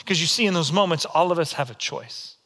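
A man preaching a sermon as pastor, telling stories in a demonstrative, animated way. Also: on the high side, a little fast.

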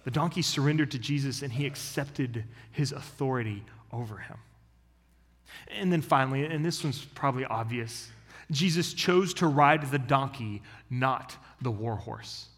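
A male pastor preaching a sermon in an animated, self-mocking, conversational way. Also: medium pitch, normal speed, husky. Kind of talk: sermon with storytelling. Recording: long reverb of a large hall.

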